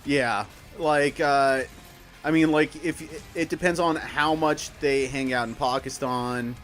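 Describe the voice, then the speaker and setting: A man's voice: medium pitch, fairly even intonation, slow pace, a bit bright, faint music behind. A man casually explaining astrology on a stream, rambling with many fillers and restarts. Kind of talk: casual explanatory chat while gaming.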